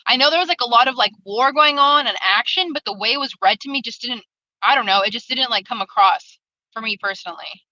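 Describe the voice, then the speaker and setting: Woman, higher voice, bright and sharp, blunt casual talker, lo-fi call audio. Book club member. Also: fast, no echo. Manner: blunt, casual, many fillers and restarts. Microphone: video call.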